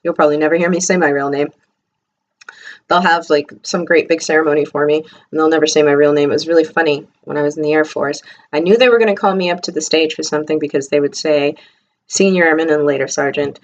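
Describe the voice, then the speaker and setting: A middle-aged woman talks through her day in a casual video diary, wandering off into asides and tangents. Her voice sits on the lower side. The recording sounds slightly muffled and lo-fi. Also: quick pace. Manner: chatty, rambling, digressive asides. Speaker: vlogger, teacher in training.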